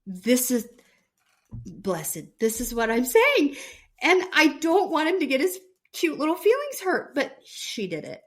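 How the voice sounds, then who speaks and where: Animated woman telling a story. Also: high-pitched, measured pace. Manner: animated storyteller acting out quoted dialogue. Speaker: podcast co-host. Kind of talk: casual chat, storytelling.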